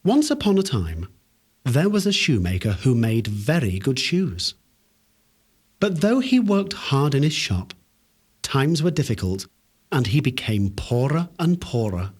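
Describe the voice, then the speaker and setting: A man reading a fairy tale aloud for children in an expressive storytelling manner. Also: medium pitch, unhurried, slightly rough.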